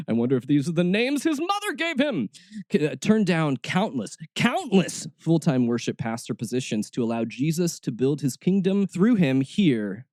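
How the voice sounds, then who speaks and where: A man's voice: mid-range voice, dark tone, dry recording, clean studio sound. A man hosting a podcast, reading a church job ad aloud with sarcastic commentary, mocking it and laughing at his own jokes. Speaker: podcast host.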